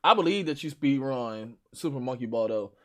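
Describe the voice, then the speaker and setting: A man with a Chicago accent, hosting a stream with loud, profane, boastful trash talk about games. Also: medium pitch, lively intonation, normal speed. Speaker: stream host. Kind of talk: casual gaming chat.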